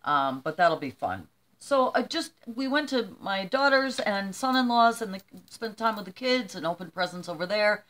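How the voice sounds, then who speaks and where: An older woman chatting casually to camera as a vlogger, rambling warmly through shout-outs and tearing up as she talks. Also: medium pitch, lively intonation, normal speed. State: teary.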